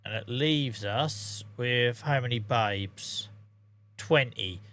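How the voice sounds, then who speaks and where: A man's voice: medium pitch, slow, fairly bright tone. A man with a Norfolk accent chatting casually to viewers as he streams a farming game. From England. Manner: chatty, talks to chat viewers, says mate. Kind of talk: casual live-stream gameplay commentary.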